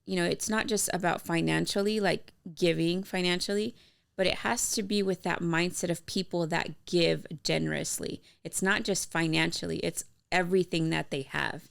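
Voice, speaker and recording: Gravelly, smooth-voiced woman chatting casually. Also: lowish voice, steady tone, normal speed. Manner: rambling, many fillers and restarts. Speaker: podcast co-host. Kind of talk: casual faith-based chat.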